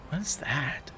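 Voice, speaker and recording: A man's voice: a little high, fairly bright tone, a little hiss or hum. A man casually commenting while streaming a video game, playful and rambling, joking to himself.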